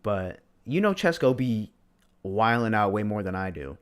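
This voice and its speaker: A man's voice: lowish voice, big pitch swings, normal speed, clear, resonant tone. A young man co-hosting a podcast livestream, chatting casually with laid-back slang and answering viewers' chat. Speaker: podcast co-host.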